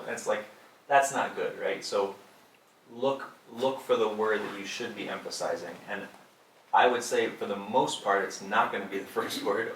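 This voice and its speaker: A man's voice: fairly low pitch, moderate pace, a bit bright. A man casually teaching church readers, tagging his points with "right?". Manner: conversational, often ends points with "right?". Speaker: workshop instructor for church readers. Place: church hall. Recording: echoey room, mic from a distance.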